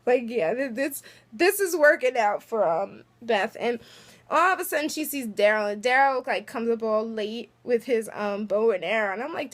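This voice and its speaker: A woman's voice: a little high, expressive, moderate pace. A woman casually recapping a TV episode on her vlog in a chatty, giggly way, full of filler words. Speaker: vlogger.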